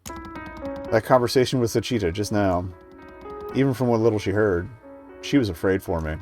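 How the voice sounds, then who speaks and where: A man's voice: on the low side, moderate pace, over music. A man reading a story game's dialogue and narration aloud, stumbling and correcting himself now and then. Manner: reads plainly, small stumbles and self-corrections. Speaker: streamer reading a game demo aloud.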